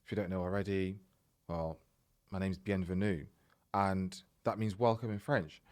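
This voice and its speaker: Male podcast host, lowish voice, casual animated storyteller who acts out the dialogue. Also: normal speed. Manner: animated, retells events by acting out quoted dialogue.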